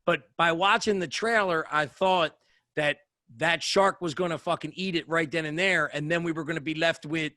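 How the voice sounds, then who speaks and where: A man's voice: on the high side, steady tone, moderate pace, pushed and bright, no room sound. A man co-hosting a podcast, rambling in casual chat and swearing heavily for emphasis. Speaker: podcast co-host.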